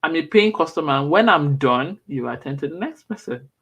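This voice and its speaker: A man's voice: fairly high pitch, animated, fairly quick, a bit bright, breathy edge. A man, co-hosting a casual chat podcast and telling a story in a rambling way. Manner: rambling, restarts often. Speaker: podcast co-host.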